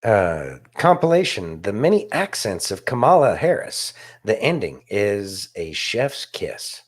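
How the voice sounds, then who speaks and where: Low-voiced sarcastic male podcast host. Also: big pitch swings, measured pace. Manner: wry, sarcastic commentary. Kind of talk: casual chat.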